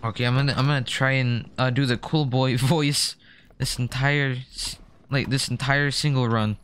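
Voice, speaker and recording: A man's voice: medium pitch, normal speed, a little hiss or hum. A man streaming a game, chatting casually and reacting to what happens as he plays. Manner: relaxed, chatty, reacting to gameplay. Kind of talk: casual gaming commentary.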